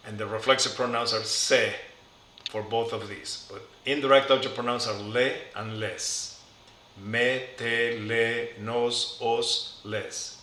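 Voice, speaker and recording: A man's voice: mid-range voice, sharp tone. A middle-aged man teaching a recorded lesson, patient and careful, spelling out each form one by one. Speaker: Spanish teacher. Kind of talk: recorded classroom lecture. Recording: echoey room, faint background noise.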